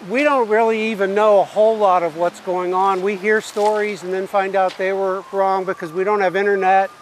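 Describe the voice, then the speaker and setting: A man speaks in a news field interview outdoors by a creek. His voice is unusually high for a man. He sounds worried and halting, with a light hiss behind. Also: fairly even intonation, rough recording. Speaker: local resident.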